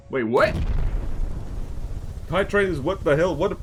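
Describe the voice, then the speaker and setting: A man streaming a game live, chatting casually and reading chat, yelping and rambling excitably. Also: high voice, takes it slowly, long pauses, over music.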